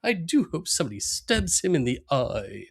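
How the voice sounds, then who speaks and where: A man's voice: fairly high pitch, big pitch swings, moderate pace, creaky, breathy edge, voice pushed up, heavily acted. A man voicing a very effete, finely dressed woman who speaks in a prim, haughty way. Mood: affronted.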